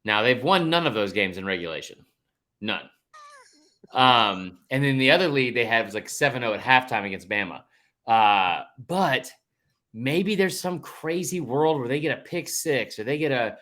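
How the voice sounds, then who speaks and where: A man's voice: medium pitch, bright, forceful tone. Heated, rambling man on a sports podcast. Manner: heated, emphatic, swears when fired up; rambling with fillers and restarts. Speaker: podcast co-host. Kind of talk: casual sports podcast chat.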